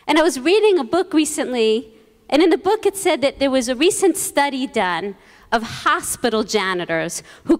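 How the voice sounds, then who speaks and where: A woman rabbi giving a holiday sermon, telling stories with quoted voices and gentle humor. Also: high voice. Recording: long reverb in a large hall.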